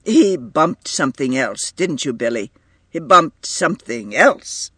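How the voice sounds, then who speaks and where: A man's voice: on the high side, very animated, a little slow, sharp tone, slightly rough, dry recording, exaggerated voice. A man voicing Joe Markey, a jovial father in his thirties who teases his little son heartily. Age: 30s. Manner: hearty, teasing. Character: jovial broad-shouldered father of thirty-five.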